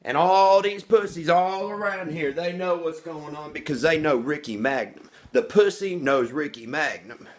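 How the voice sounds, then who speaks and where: A man's voice: fairly high pitch, normal speed, hardly any pauses, natural voice. A man playing a cocky, crude redneck vlogger who rambles, brags and talks about himself in the third person. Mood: boastful. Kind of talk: comedic character monologue.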